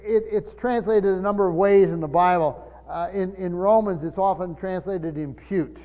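This older pastor preaches in a high-pitched voice at a normal speed, teaching earnestly through his sermon while frequently restarting and repeating words. Dull lo-fi sound and long church reverb color the recording.

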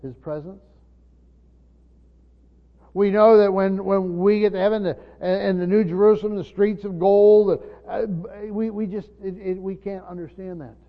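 A man's voice: high-pitched, steady tone, normal speed. A man preaching a sermon in an earnest teaching tone, speaking straight to his congregation. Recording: dull lo-fi sound with long reverb of a large hall.

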